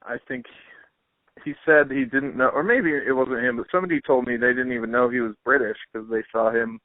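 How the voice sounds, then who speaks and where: A man's voice: medium pitch, brisk, no room sound. A man hosting a podcast, chatting in an easygoing way with lots of fillers. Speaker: podcast host. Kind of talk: casual interview chat. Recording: dry, tinny phone-like line.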